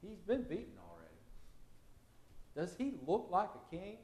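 A man's voice: high voice, big pitch swings, moderate pace, a little mellow, roomy sound, slight background noise. A man preaching a verse-by-verse sermon, asking his listeners questions as he explains the text. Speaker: pastor. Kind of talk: expository sermon.

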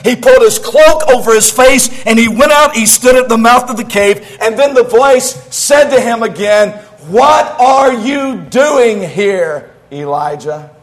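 A man preaching a sermon, moving between loud declarations and hushed, drawn-out low phrases. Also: low-quality recording.

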